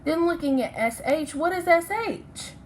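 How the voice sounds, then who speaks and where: Her voice is very high-pitched and expressive, moving at a measured pace through a recorded phonics lesson for children. Patiently walking through each step, she checks in with "okay?" and "right?" and says sorry when correcting slips; the low-quality recording has slight background noise.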